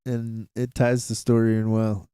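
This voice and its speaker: Man, casual chat, smooth voice, rambling, easygoing. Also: lowish voice, monotone, unhurried, warm tone, no echo, studio quality. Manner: easygoing, rambling, repeats himself.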